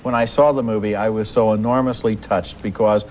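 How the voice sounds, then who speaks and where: A man's voice: on the low side, fairly even intonation, a little fast, a little mellow, slight background noise. A man co-hosting a TV film review show, speaking in an eager, enthusiastic way. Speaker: film critic, co-host.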